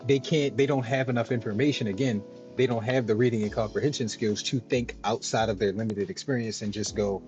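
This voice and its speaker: A male gaming streamer speaking in an easy, explanatory way, forever checking in with the listener. His voice sits at a middling pitch and comes through a dull, lo-fi mic. Faint game music plays behind him. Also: steady tone, fairly quick, darkish tone. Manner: explanatory, loose, keeps checking in with "right?". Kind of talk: livestream commentary while gaming.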